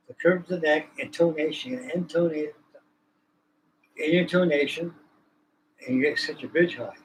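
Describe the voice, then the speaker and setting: Folksy rambling man, slightly high voice. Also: fairly bright tone, slight background noise, rough recording. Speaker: livestream host. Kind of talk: casual chat.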